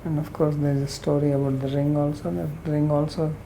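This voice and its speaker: Woman lecturer, low and mellow voice, unhurried storytelling of scripture. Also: flat delivery, slight background noise, poor audio. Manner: retells the story in plain words, quoting its characters. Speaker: scripture teacher.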